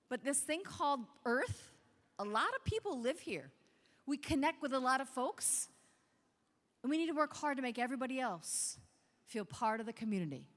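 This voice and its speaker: High bright energetic woman keynote speaker. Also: moderate pace, big-room sound. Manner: energetic, leads the crowd in call-and-response. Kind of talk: interactive motivational keynote. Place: large convention hall.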